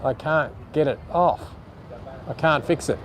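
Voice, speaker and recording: A man's voice: a little high, a little slow. An Australian man live streaming outdoors in a city on a phone gimbal, rambling bluntly and swearing casually while reading out chat comments.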